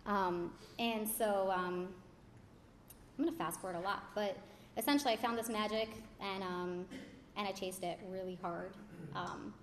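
A woman's voice: medium pitch, a little slow, slight background noise. A young adult woman candidly telling her life story in a casual way, with many fillers and restarts. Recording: roomy echo with faint ambience.

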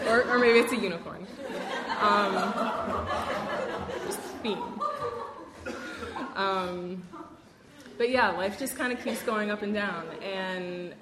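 A woman's voice: mid-range voice, animated, very slow, long pauses. A young woman sharing her own recovery story at a meeting, casual and self-mocking with lots of fillers. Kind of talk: candid personal talk to a meeting. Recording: roomy echo, faint room noise.

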